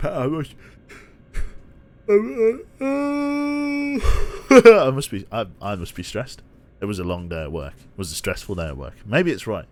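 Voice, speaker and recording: A young British man streaming a train game, chatting playfully and teasing his viewers between yawns. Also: mid-range voice. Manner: playful, self-mocking, yawning and laughing at chat. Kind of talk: casual live-stream commentary.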